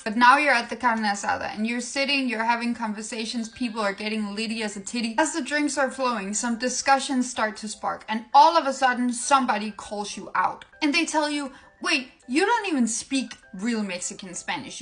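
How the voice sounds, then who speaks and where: A woman with a higher-pitched voice talks through a comedic language tutorial. She is playful and giggly, often dissolving into laughter. Faint music plays behind her. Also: fairly bright tone. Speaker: language-tips creator.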